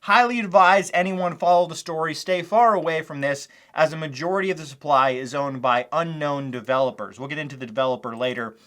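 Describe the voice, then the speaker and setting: A man's voice: fairly high pitch, a little fast, few pauses, fairly bright tone. A male commentary host who talks over video clips, mocking and sarcastic, with small laughs between his points.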